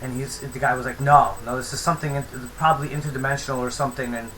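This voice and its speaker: A man's voice: mid-range voice, level tone, fast, fairly bright tone, a little hiss or hum, poor audio. A young man telling a rambling, profane story in a casual vlog. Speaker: vlogger.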